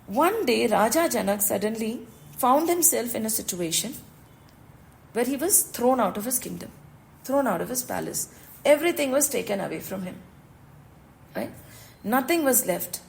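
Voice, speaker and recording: A woman's voice: fairly high pitch, moderate pace, vocal fry, long pauses, poor audio. A woman with an Indian English accent teaching and telling a scripture story, mixing in Hindi phrases and often checking with listeners. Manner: expressive storytelling, asks listeners "right?". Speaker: spiritual teacher.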